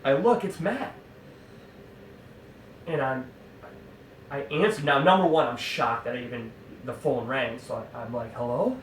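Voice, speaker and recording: A man telling an animated, exasperated hunting-camp story in a casual way, full of fillers and asides. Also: medium pitch, measured pace, long pauses, a little hiss or hum. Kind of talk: casual spoken anecdote. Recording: roomy sound from a distant mic.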